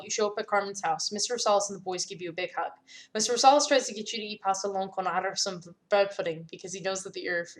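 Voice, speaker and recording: A woman reading and playing through a visual novel, narrating the scenes and reacting to them aloud. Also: medium pitch. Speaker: game streamer.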